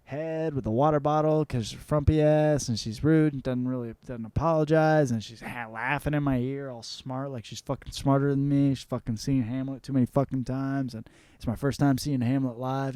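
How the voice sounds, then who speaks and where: A man's voice: mid-range voice, mellow, clean tone, no room sound. A young man hosting a show, telling a rambling, profane story in a casual comedic monologue. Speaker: host.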